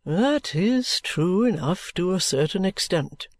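A man doing a slow, earnest older guardian. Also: sits high, lively intonation, no echo, clean studio sound, heavily acted. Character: kindly older gentleman guardian, given to vehemence.

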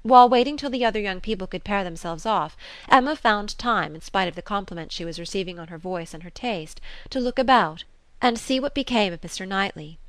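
A woman narrating an audiobook of a classic novel in a measured, even manner. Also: mid-range voice, dry recording.

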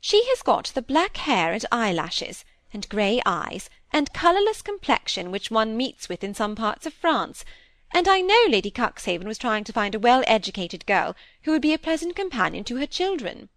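A woman voicing a kindly, genteel lady at a grand dinner, polite and gently curious, in a storybook reading. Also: a little high, big pitch swings, moderate pace, no echo.

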